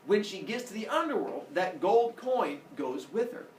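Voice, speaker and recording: A male teacher telling a story to his class in an animated way, acting out characters with sound effects. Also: sits high, normal speed, slight background noise. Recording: echoey classroom from far off.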